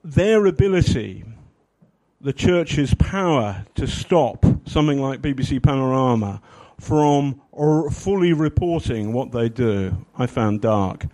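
A man's voice: mid-range voice, lively intonation, takes it slowly, dark tone. A man giving a humorous talk to an audience, rambling with fillers and mocking himself. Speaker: speaker.

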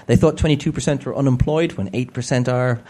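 A man's voice: medium pitch, fairly even intonation, quick pace, warm tone. A man giving a humorous public talk to an audience, sardonic, with joking asides.

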